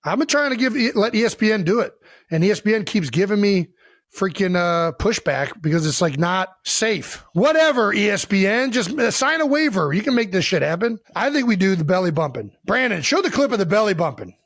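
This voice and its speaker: A high-pitched man from Ohio riffs loudly through podcast banter, swearing freely and joking between segments. His voice sits close on a dry studio mic with almost no room sound. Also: very animated, a little fast, dry recording. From Cleveland Heights, Ohio. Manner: loud, profane, joking. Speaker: podcast co-host.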